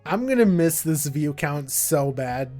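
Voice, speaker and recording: A young American man chats loosely to his live-stream audience, rambling and filling gaps with "like" while poking fun at himself. His voice sits a little high for a man. Faint music plays under his talk. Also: lively intonation, measured pace, a little mellow. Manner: rambling, says "like" a lot, self-mocking. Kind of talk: casual live-stream chat.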